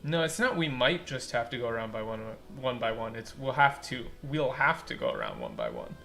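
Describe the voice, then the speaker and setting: A man giving let's play commentary and critiquing a game's translation, blunt and animated, swearing casually and saying "like" a lot. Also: mid-range voice, brisk, gravelly. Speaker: game localization critic.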